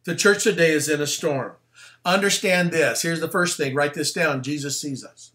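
A pastor delivers a loose, conversational sermon, often breaking off for asides. He is a man with a slightly high, bright voice that swings freely up and down. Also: moderate pace. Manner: animated and conversational, with plain slang and asides. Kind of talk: casual sermon.

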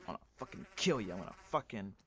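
A young man doing loud, profane, melodramatic commentary over a game he is playing. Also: on the low side, lively intonation, racing, slight background noise. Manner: loud, swearing, melodramatic outbursts. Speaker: gaming YouTuber. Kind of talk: Let's Play commentary.

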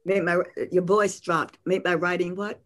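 An older woman poet, reading her verse in a rhythmic, incantatory way and then answering questions in an unhurried, rambling talk. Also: lowish voice, steady tone, a bit bright, slight background noise. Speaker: poet and guest. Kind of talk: poetry reading and interview answers.

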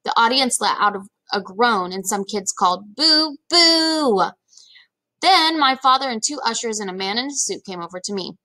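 Bright-voiced woman reading a kids' book. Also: medium pitch, low-quality recording. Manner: lively storytelling, quick voice shifts for characters. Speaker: reader of a children's novel. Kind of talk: reading a children's book aloud.

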